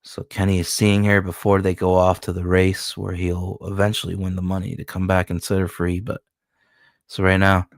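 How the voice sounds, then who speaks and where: Man, comic creator, casual commentary, profane, excitable, gravelly fry, dry close sound. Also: sits low, moderate pace, no room sound. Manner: loose, profane, excitable retelling. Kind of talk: casual commentary walking through his comic.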